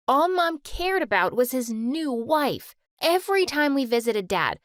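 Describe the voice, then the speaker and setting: A young woman tells a first-person story with plenty of expression. Her voice is high and swings widely, recorded dry and up close. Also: a bit bright, no echo. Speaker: narrator.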